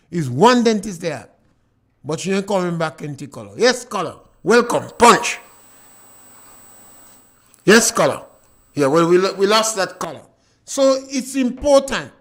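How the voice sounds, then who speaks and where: A Grenadian man hosting a call-in radio talk show, preaching emphatically in dialect and telling stories with lots of repetition. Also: extremely high pitch. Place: radio studio.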